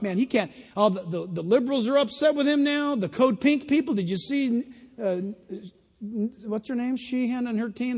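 A man preaching a sermon as a pastor, in an animated style that mocks other voices in put-on quotes. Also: very high-pitched, slightly rough. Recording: long reverb of a large hall.

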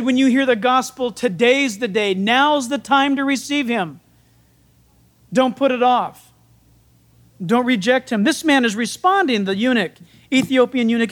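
Animated man preaching a folksy sermon. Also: very high voice. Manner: animated, acts out biblical dialogue. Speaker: pastor.

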